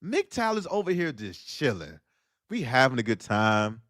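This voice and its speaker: A man riffing on a livestream with a lively voice that swings widely up and down. He talks in loose slang and laughs often between points. The sound is dry and close to the mic. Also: medium pitch, moderate pace, no room sound. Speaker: livestream host. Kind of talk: casual livestream commentary.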